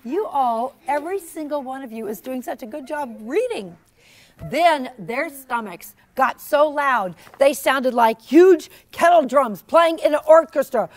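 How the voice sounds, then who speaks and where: A woman storyteller reading her picture book aloud to a classroom of children, expressive and coaxing them to join in. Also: sits high, a little slow. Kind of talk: interactive read-aloud for children.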